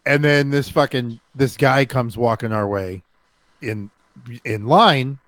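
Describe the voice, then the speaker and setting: A man's voice: mid-range voice, slow, a bit bright, dry recording. A man co-hosting a podcast, telling a story with lots of swearing and acting out the people in it. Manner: swears a lot, acts out other people's voices in story. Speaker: podcast co-host. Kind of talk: animated storytelling, casual chat.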